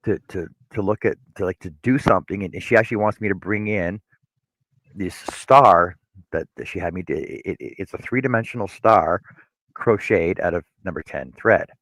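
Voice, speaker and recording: Man co-host, deep voice, loose rambling storyteller, dry mic. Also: moderate pace, a bit bright, dry recording, rough recording. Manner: rambling storyteller, many restarts. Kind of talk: casual chat.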